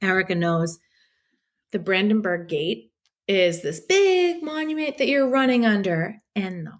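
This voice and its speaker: A woman in her thirties, a podcast guest telling a story in an animated, emotional way, acting out her own quotes and swearing freely. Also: mid-range voice, measured pace. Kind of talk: casual storytelling.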